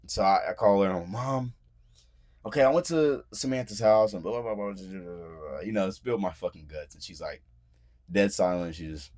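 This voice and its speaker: A man's voice: low-pitched, a little fast, a little mellow. A young man hosting a podcast, telling a story in loose, slangy casual talk and acting out the quotes. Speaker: podcast host.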